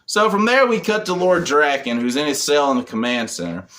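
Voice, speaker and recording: A man's voice: on the high side, big pitch swings, fairly quick, fairly bright tone, a little hiss or hum. Chatty man recapping a comic. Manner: rambling plot retelling with fillers. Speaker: comic book reviewer. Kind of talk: casual spoken review.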